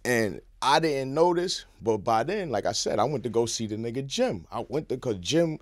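A man telling a story in a casual podcast interview, swinging from hushed to shouting. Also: mid-range voice, animated, normal speed, no echo, clean studio sound. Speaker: guest. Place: podcast studio.

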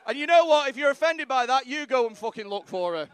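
A man's voice: very high voice, expressive, fast talker, fairly bright tone, clear, resonant tone. A man doing stand-up crowd work on a club stage, brash and crude, mocking hecklers with lots of swearing. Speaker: stand-up comedian.

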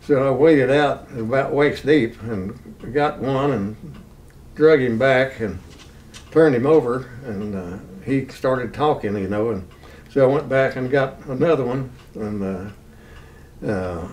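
An older man from Texas telling a war memory in an oral history interview, plain and unhurried, chuckling now and then. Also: mid-range voice, darkish tone, far from the mic, slight background noise. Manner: plain unhurried recounting, chuckles at own story.

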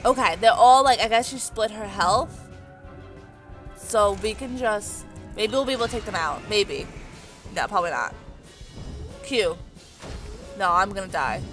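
A young woman commentating on a video game as she plays, chatty and excitable, talking into a desk mic. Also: mid-range voice, measured pace, long pauses, soft background music. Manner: excitable, chatty, reads game dialogue aloud. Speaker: let's play host. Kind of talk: casual gameplay commentary.

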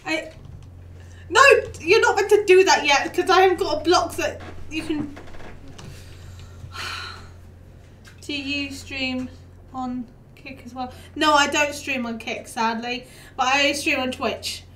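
Bright-voiced woman streaming games. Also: high voice, steady tone, recorded from a distance, a little hiss or hum. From United Kingdom. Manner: chatty, quick to laugh, talks back to the game. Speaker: game streamer. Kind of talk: casual live-stream chat. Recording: echoey room, voice off-mic.

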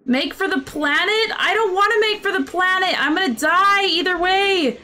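A woman playing a video game and talking through it in casual, excitable commentary, often flustered and startled. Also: very high-pitched, normal speed, slight background noise. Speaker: gaming streamer. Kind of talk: casual let's-play commentary.

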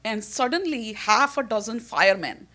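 A woman from India with an Indian accent, telling a funny personal story on stage, animated and laughing often mid-sentence. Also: a little high, normal speed.

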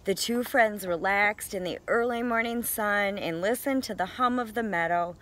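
A woman teacher reading a picture book aloud to young children, in a gentle, expressive storytelling manner. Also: mid-range voice, normal speed.

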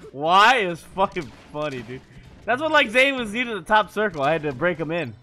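A man's voice: sits high, big pitch swings, moderate pace, bright, forceful tone, soft background music. A man streaming live in casual chat, profane and teasing, laughing often between lines.

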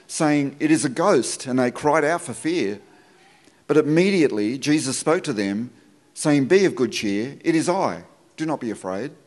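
A pastor preaching with unscripted restarts. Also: male voice, medium pitch, a little mellow. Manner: unscripted and reflective, with many fillers and restarts; reads scripture aloud. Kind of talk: sermon.

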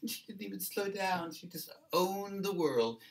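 A man voicing an excited eyewitness who retells an accident in a chatty, exaggerated way. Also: sits high, moderate pace, vocal fry, recorded from a distance, pitched above the performer's own voice. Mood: indignant. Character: excited gossipy male eyewitness.

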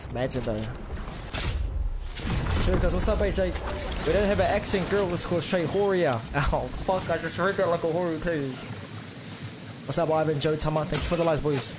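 Young kiwi guy on a gaming stream, slangy and chill, kinda high voice, noisy background. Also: moderate pace, long pauses. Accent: New Zealand. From New Zealand. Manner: laid-back slang, reads out chat names. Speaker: livestreamer. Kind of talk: casual gaming livestream chat.

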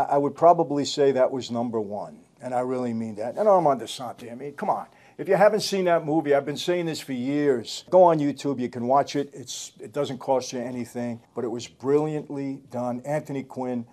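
A man's voice: medium pitch, dark tone. An older man hosting his own show, telling stories in a casual way and repeating phrases for emphasis. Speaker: host. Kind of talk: casual storytelling commentary.

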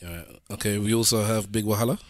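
A man's voice: fairly low pitch, steady tone, fast talker, dry recording, clean studio sound. A man hosting a casual podcast chat, opening the show with playful, showman-like intros. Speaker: podcast host.

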